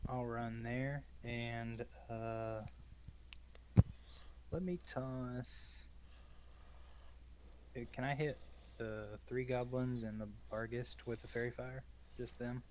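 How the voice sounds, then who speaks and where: Soft, flat-voiced male player, slow and unsure, faint noise. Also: medium pitch. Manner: quiet and hesitant. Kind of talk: casual tabletop game chat.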